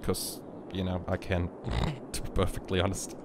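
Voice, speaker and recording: A sick young man rambling and joking through casual gameplay commentary, sometimes yelling at the game. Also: low voice, moderate pace, background noise. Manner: rambling and joking, with sudden loud outbursts at the game. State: sick with a virus. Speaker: gaming YouTuber.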